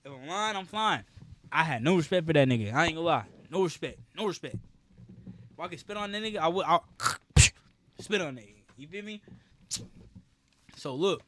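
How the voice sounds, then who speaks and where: Young male streamer, casual storyteller; bright, forceful voice, animated and profane. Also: a little high, moderate pace, pauses often, slight background noise.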